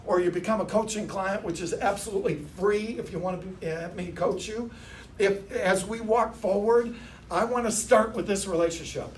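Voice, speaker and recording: Male sales coach, fairly high voice, heard from a distance, punchy call-and-response delivery. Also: slight background noise. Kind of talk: motivational sales talk. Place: dealership meeting room.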